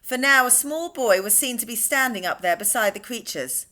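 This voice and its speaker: Expressive woman reading a storybook. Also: a little high, moderate pace. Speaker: storytime reader. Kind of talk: reading a children's book aloud.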